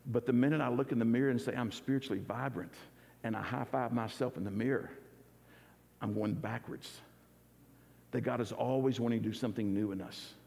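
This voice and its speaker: A man's voice: mid-range voice, fairly even intonation, brisk, gravelly, a little mellow. A man preaching an earnest, conversational sermon as pastor, often restarting his words. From United States. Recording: church hall with long reverb.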